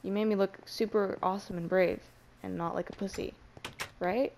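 A woman's voice: mid-range voice, fairly even intonation, normal speed, gravelly, darkish tone. A young woman giving casual gameplay commentary in a panicky, self-mocking way, swearing freely. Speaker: Minecraft let's player.

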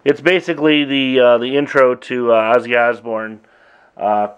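A middle-aged man casually walking through his old drum machine sounds, talking in a relaxed, halting way with frequent pauses. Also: mid-range voice, clear, resonant tone, muffled recording. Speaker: drummer demonstrating gear. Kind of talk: casual demo walkthrough.

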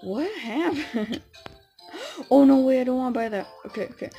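Excitable young woman gaming, high voice. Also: quick pace, vocal fry, soft background music, rough recording. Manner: excitable, panicky squeals and giggles. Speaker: gamer. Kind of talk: casual gameplay commentary.

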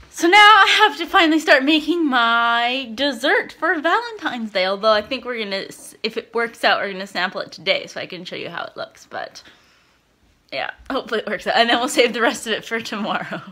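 A woman's voice: fairly high pitch, animated, fairly quick, bright, forceful tone. A young woman chatting casually and upbeat in a daily vlog, laughing often. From Canada. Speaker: vlogger.

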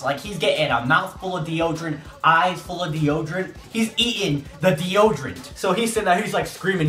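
A young man telling a casual storytime, animated and jokey, acting out voices. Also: fairly high pitch. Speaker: YouTuber. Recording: echoey room, music behind.

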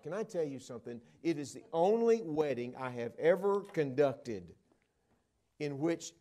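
A middle-aged man preaching a sermon in a church, telling stories and swinging from hushed to loud, excited delivery. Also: fairly high pitch, measured pace. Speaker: traveling evangelist preacher. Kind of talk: sermon with storytelling. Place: church sanctuary at a conference. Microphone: wearing a microphone.

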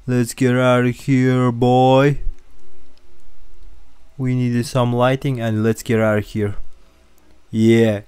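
A man giving casual let's-play commentary on a horror game, excitable and chatty, talking straight to his viewers. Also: medium pitch, slow, pauses often, clean tone, no room sound, faint music behind. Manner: excitable, chatty, keeps addressing viewers as guys and bro. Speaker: gamer streaming a horror game.

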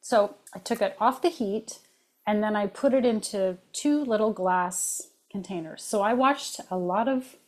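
A woman's voice: mid-range voice, measured pace, a little mellow. A middle-aged woman co-hosting a cooking podcast, chatting casually with rambling asides and frequent laughs. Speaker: podcast co-host.

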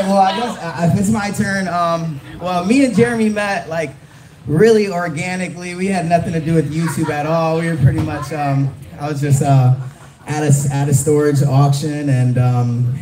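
A young man with a slightly high voice tells a story to a live audience, halting and full of fillers and restarts. The echoey hall carries a clear crowd sound behind him. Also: steady tone. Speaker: YouTube reseller, cohost. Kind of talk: casual speech at a live fan event.

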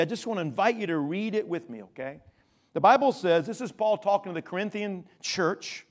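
A man preaching with a high, lively voice that swoops up and down as he stresses key words. He slows right down to lean on a phrase, then turns to chatty asides with the congregation. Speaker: pastor. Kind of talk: sermon.

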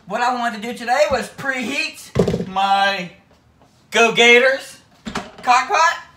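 A Southern-accented man from Florida hosts a casual cooking vlog in his home kitchen, speaking in a very high-pitched, lively voice at a measured pace. He cracks crude jokes and keeps repeating "that's right, folks." The room is echoey, his voice is off-mic, and the background is noisy.

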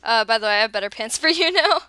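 A woman's voice: on the high side, animated, fast, sharp tone, smooth, no echo. A young adult woman hosting a casual gaming session with friends, playful and giggly as she talks over a voice call. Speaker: channel host and gamer.

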